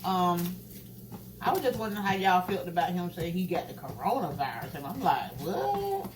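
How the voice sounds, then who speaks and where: A young woman in braces chatting casually to her viewers while she cooks at home, talking straight to them with drawn-out asides. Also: fairly low pitch, expressive, noisy background. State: wearing new braces, teeth clanging. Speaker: vlogger. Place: home kitchen. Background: food sizzling in a pan.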